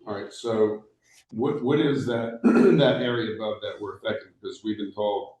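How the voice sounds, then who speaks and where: A man in a live class raises questions in a tentative, searching way. His voice sits on the low side, and the room makes it sound echoey. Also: moderate pace, a little mellow, far from the mic. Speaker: class participant. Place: live class in a Torah center. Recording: roomy sound.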